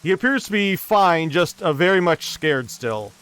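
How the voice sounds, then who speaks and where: A man narrates a tabletop adventure as game master. His voice is smooth and resonant and sits a little high. He lays out each scene slowly and deliberately. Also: very animated, a bit bright.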